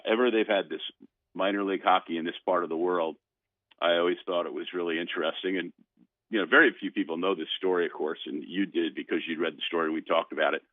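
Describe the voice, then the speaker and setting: Heard over a dry phone line with no room sound, an older man speaks in a low voice as a sports radio guest. He tells a long, animated story, restarting often.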